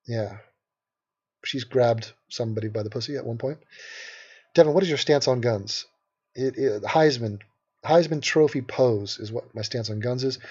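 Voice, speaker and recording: A man's voice: mid-range voice, a little mellow, slightly rough. A man from Los Angeles hosting a casual livestream, brash and sarcastic as he reads out and answers questions from the chat. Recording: dull lo-fi stream audio.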